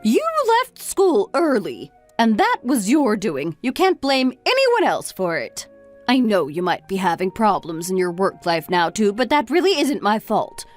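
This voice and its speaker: Reproachful mom, mid-pitch, lively inflection; actress. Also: female voice, measured pace, faint music behind. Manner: reproachful, lecturing. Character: bitter, reproachful middle-aged mother. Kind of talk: scripted text-story drama.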